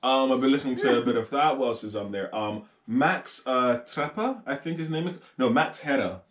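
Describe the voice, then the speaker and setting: A man's voice: medium pitch, moderate pace. A man co-hosting a podcast in a casual chat, rambling and laughing often as he acts out what people said. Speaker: podcast co-host. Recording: roomy echo.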